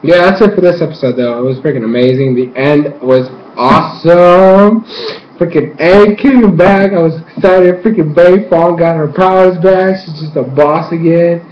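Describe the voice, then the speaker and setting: A man giving a rambling, gushing recap of a cartoon episode, excitable and casual. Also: fairly high pitch, moderate pace, hardly any pauses. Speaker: fan reviewer. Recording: roomy, dull lo-fi home recording with faint noise.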